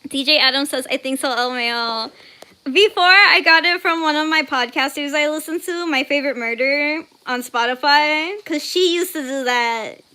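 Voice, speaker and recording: A woman's voice: sits high, moderate pace, pushed and bright. A young woman hosting an art livestream, casually chatting and reading chat messages aloud, laughing often and squealing when surprised.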